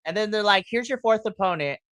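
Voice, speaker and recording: A man co-hosting a wrestling podcast, chatting casually and excitably, swearing and acting out his reactions. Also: high voice, quick pace, clear, resonant tone, no echo. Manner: excitable, swears, animated retellings with shrieks and laughs. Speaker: podcast co-host. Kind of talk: casual wrestling recap chat.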